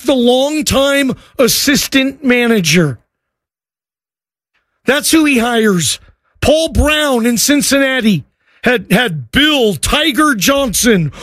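A man's voice: extremely high pitch, a bit bright, no echo, clean studio sound. A man hosting a sports talk show, arguing emphatically and often repeating words. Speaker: sports radio host. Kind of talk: sports talk radio rant.

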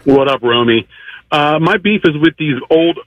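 A man's voice: a little high, animated, normal speed, a bit bright, no room sound. A man calling into a radio show with a short, punchy rant. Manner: punchy, ranting. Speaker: caller. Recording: dull lo-fi phone line.

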